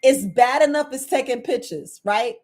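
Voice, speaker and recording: A middle-aged woman herbalist, talking casually to her viewers, animated and laughing often. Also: a little high, moderate pace, very noisy. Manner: animated, laughing, acts out quoted people in a raised voice. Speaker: herbalist host.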